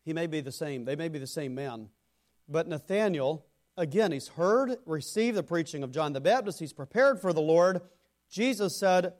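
Male pastor, fairly high voice, sermon delivery, emphatic swells, soft low asides. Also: animated, normal speed. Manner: preaching with rising emphasis, then dropping soft and low; speaks to congregation members by name.

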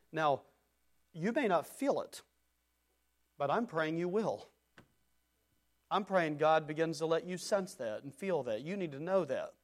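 A man preaching a sermon in an emphatic, repetitive cadence, swinging between loud declarations and quieter passages. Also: on the high side.

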